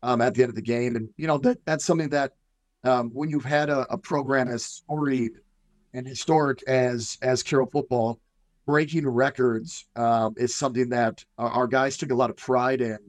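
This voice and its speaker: A man's voice: mid-range voice, fairly even intonation, normal speed, no echo. A middle-aged man, a football coach, talking earnestly in a casual radio interview with many fillers and restarts.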